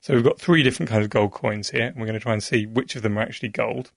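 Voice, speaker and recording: A man's voice: on the low side, quick pace, vocal fry, dry recording, clean studio sound. A man, a science expert guest, patiently explaining an experiment step by step.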